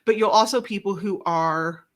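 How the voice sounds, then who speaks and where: A woman's voice: medium pitch, normal speed. A woman guest talking casually in an interview, rambling and self-deprecating, often restarting her sentences. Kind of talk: casual conversation.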